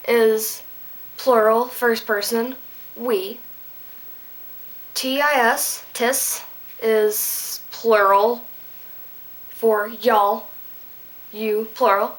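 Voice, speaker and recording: A woman giving a casual video lesson on Latin verbs, playful and goofy, with quick jokes and side comments. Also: fairly high pitch, fairly bright tone, rough recording. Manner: playful, goofy asides and self-deprecating jokes. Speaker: Latin tutor.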